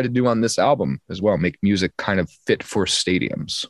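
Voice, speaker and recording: A young man from New Jersey talks about his music in a relaxed interview. His voice sits on the low side, and the recording is dry and close. He stumbles and repeats words as he goes. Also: moderate pace, few pauses, no room sound. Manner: rambling, many restarts and stammered repeats. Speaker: singer-songwriter guest. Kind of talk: casual interview chat.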